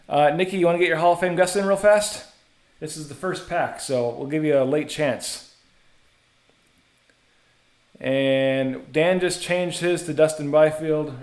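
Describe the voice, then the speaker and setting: Male card-break host, casual rattling delivery, echoey room. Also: fairly high pitch. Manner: casual, chatty, rattles off names. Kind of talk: live card-break commentary.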